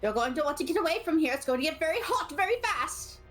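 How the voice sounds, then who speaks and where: A woman voicing her tabletop character in a quick, urgent warning. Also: high-pitched, lively intonation, a bit bright, soft background music, pitched above the performer's own voice. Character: Auntie Agatha, a player character giving a quick warning.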